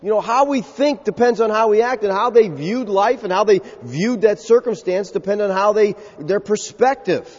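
Man preaching, high voice, lively storytelling, long hall echo, muffled lo-fi sound. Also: normal speed, hardly any pauses. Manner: animated storytelling, acts out quoted voices. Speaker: pastor. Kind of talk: sermon with personal stories.

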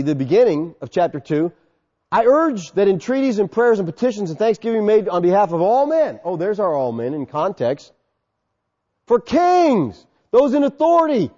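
Emphatic male preacher, high and animated voice, echoey hall. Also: highs cut off. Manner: emphatic, asks and answers rhetorical questions. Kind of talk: sermon.

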